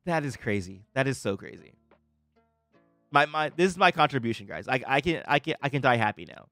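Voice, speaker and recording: A young man hosting a live stream, reacting to a trailer with excited, stammering restarts and frequent laughter, greeting viewers in chat. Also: mid-range voice, a little fast, no echo, faint music behind. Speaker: livestream host reacting to a trailer.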